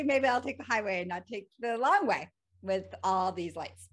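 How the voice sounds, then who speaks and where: With a medium-pitched, slightly bright voice and lively intonation, a female podcast host tells an everyday story at a measured pace. She talks casually on her own, laughing often and leaning on fillers.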